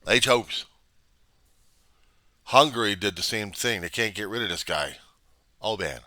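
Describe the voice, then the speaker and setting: Argumentative man, low and bright-toned, very animated, for a political commentary vlog. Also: measured pace, no echo. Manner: argumentative, rhetorical questions, acts out both sides. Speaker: vlogger.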